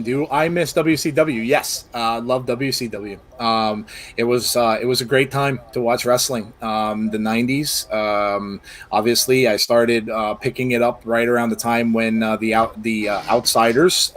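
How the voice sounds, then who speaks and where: Chatty male podcast co-host. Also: medium pitch. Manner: chatty, many fillers and restarts. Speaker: podcast co-host reading viewer questions. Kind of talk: casual live podcast chat.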